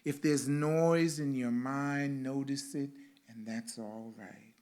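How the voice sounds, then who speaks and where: A male reverend giving a sermon with a guided meditation at a spiritual center, speaking in slow, rhythmic lines with repeated phrases. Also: medium pitch, steady tone, darkish tone.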